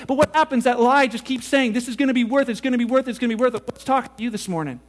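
A man preaching a sermon, animated and casual, acting out quoted voices as he goes. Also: extremely high pitch, very fast, hardly any pauses. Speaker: pastor.

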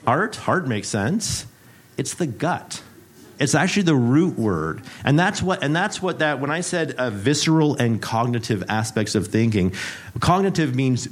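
A man preaching a sermon, teaching a Bible word through a joking game-show routine, playful and teacherly, often repeating himself. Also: medium pitch. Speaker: pastor.

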